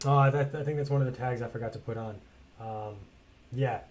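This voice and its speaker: A man's voice: medium pitch, steady tone, brisk, a little mellow, a little hiss or hum. A man streaming a video game, chatting casually and bluntly with rambling asides and free swearing. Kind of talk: casual let's-play commentary.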